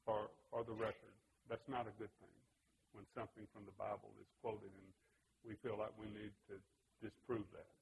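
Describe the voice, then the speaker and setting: A man's voice: on the low side, little pitch movement, moderate pace, gravelly, slight background noise, poor audio. A man giving an earnest, conversational Bible lesson. He tells stories from his own life and acts out the remembered exchanges. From United States. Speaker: Bible teacher.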